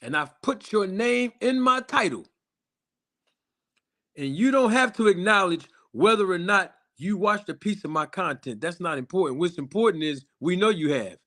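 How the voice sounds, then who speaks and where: Hosting a boxing YouTube channel's live stream, a man with a high, bright voice, lively intonation, and a forceful tone speaks straight to his viewers. He's emphatic and repetitive, slowing down to drive home key lines.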